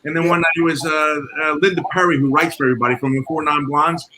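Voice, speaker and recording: A man working as a sound engineer tells animated stories, acting out quoted dialogue. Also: a little high, quick pace. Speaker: guest, concert and theater sound engineer. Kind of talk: storytelling in casual chat. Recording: noticeable background noise.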